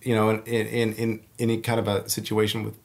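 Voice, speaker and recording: A man chatting as a guest, telling stories in an animated way, laughing often and acting out lines. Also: on the low side, brisk, vocal fry. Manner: animated storyteller who laughs often and acts out movie lines. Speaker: podcast guest. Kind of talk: casual chat.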